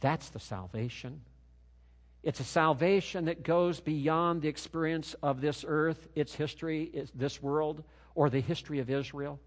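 A man's voice: fairly high pitch, measured pace, big-room sound. A man preaching a sermon as pastor, with an emphatic, rising and falling cadence.

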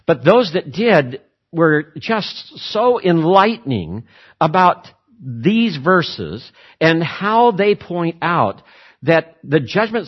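A man preaching a sermon, emphatic, repeating words for stress and switching between slow, weighty phrases and quick runs. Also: fairly high pitch, husky, muffled recording. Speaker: pastor.

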